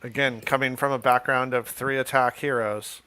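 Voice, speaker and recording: A man's voice: mid-range voice, fairly even intonation, moderate pace, sharp tone, clean tone. A man commentating casually on a tabletop game, thoughtful and asking about the rules.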